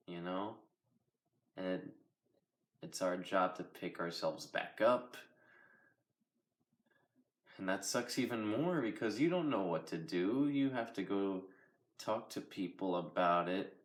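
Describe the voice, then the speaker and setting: A young man with a very deep voice, speaking in a flat, near-monotone way that keeps stopping and restarting. He is recorded in an echoey room at home. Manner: quiet, flat, monotone delivery with halting pauses. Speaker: vlogger. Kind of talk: personal confessional vlog.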